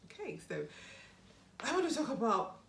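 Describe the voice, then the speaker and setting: A woman's voice: on the high side, sing-song, moderate pace, gravelly, fairly bright tone, a little hiss or hum. A young woman giving earnest, encouraging advice on a motivational vlog and repeating her key points. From Nigeria. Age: young adult. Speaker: YouTube host. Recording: roomy echo.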